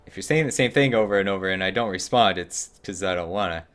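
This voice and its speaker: A man's voice: low-pitched, quick pace. Laid-back man streaming a game. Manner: relaxed, chatty, answers viewer chat between gameplay. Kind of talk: casual live-stream commentary.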